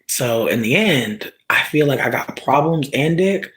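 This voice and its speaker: With a medium pitch and a measured pace, a streamer relates a story casually to viewers. The talk is animated and profane, broken up by loud shouts and asides aimed at the audience.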